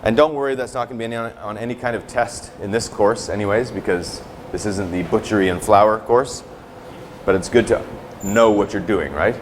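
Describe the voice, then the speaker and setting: Speaking a little fast in a fairly low voice, a man leads a demonstration-based cooking class in a teaching kitchen over slight background noise. This culinary instructor keeps it casual, tagging "right?" or "okay?" onto most sentences.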